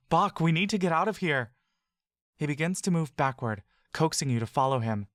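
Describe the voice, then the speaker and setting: Man narrating a fantasy audiobook, middle-pitched, calm and steady, dry close mic. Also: no room sound. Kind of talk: second-person fantasy story narration.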